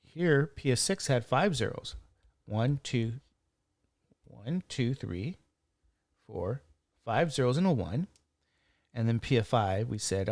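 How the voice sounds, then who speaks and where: A man's voice: mid-range voice, animated, takes it slowly, gravelly, long pauses, a little mellow, dry recording, clean studio sound. A man teaching a statistics lecture, walking through a calculation and counting digits aloud step by step. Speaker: statistics instructor. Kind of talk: classroom lecture.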